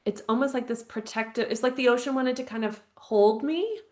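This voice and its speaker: A woman's voice: fairly high pitch, fairly quick. Earnest, reflective woman in her thirties. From United States. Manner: earnest and reflective, with frequent "like" and light laughs. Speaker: podcast guest, grief counselor and author. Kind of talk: podcast interview, personal storytelling. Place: home, living abroad.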